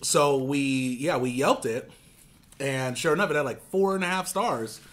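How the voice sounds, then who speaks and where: A man's voice: fairly high pitch, lively intonation, normal speed, a bit bright. Laid-back man chuckling between bites. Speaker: vlog co-host. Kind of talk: casual mukbang chat.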